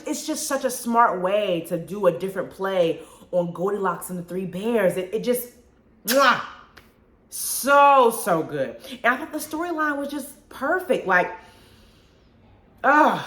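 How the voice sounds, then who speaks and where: Animated woman host in a roomy space. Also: a little high. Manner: animated, expressive, frequent restarts and slang. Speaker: podcast host reviewing movies. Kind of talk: casual solo review. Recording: roomy echo.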